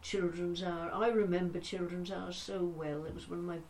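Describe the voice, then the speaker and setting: An older woman presenting a talking newspaper, chatting to listeners in a fond, gently humorous way. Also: on the low side, fairly even intonation, moderate pace, a little hiss or hum. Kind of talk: casual chat to listeners.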